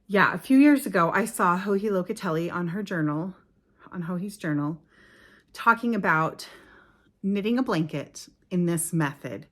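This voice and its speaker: Chatty middle-aged woman, rambling along. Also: mid-range voice. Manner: chatty and rambling, with frequent self-corrections. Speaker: podcast host. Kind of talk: casual chat.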